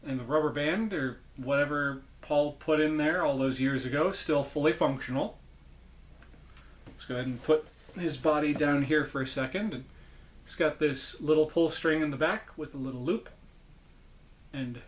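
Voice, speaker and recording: A man's voice: fairly high pitch, moderate pace, a little hiss or hum. A man hosting a casual unboxing vlog as a puppet collector, enthusiastic and rambling, often correcting himself. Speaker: puppet collector, channel host.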